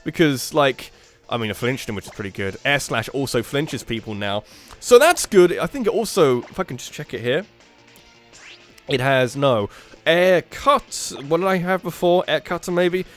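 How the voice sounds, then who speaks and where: A man's voice: a little high, expressive, moderate pace, a bit bright, soft background music. A man rambling through gameplay commentary, thinking aloud and giving opinions. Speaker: let's play commentator.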